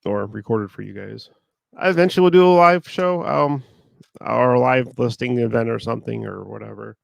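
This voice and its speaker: A man with a sore throat talking in a monotone, rambling casually while he works through online listings. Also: medium pitch, moderate pace, vocal fry, no room sound. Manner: rambling, talks while working on a computer. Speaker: online reseller. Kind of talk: casual talk while working.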